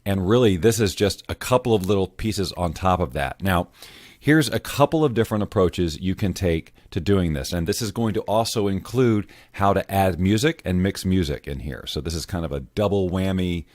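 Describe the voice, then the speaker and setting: A man walking viewers through audio editing software in a relaxed, rambling tutorial style, wearing headphones at his mic. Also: sits low, moderate pace, no room sound, studio quality. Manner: relaxed, rambling explanations with fillers. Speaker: voiceover tutorial host. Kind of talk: casual screen-recorded software tutorial. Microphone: headphones on, studio-style mic.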